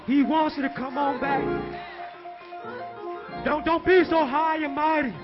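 A man preaching a sermon in a rhythmic call-and-response style, rising to shouted refrains. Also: very high voice, fairly even intonation, measured pace. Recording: dull lo-fi recording with music behind.

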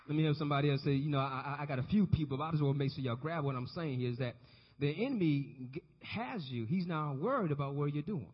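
Male pastor, high husky voice, call-and-response sermon, long church reverb. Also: fast talker. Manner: call-and-response preaching, asks congregation to repeat. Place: church sanctuary. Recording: dull recording with long hall reverb.

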